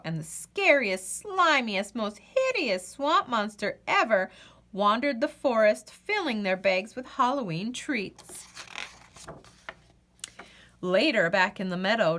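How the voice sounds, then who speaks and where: A woman reading a children's picture book aloud in a gentle, expressive way. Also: medium pitch, slow pace. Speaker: children's story reader. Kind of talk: read-aloud storytelling.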